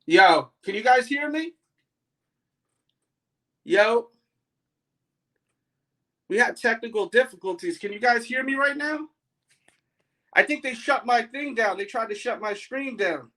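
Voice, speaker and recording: A man with a New York accent, hosting a casual livestream chat and talking in a blunt, forceful, argumentative way. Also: very high-pitched, lively intonation, unhurried, long pauses, poor audio. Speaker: livestream host.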